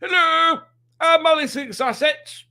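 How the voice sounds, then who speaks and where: A man doing a slow, very high sing-song impression of a chirpy young woman. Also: pushed and bright, full character voice. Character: chirpy young woman, fellow video maker.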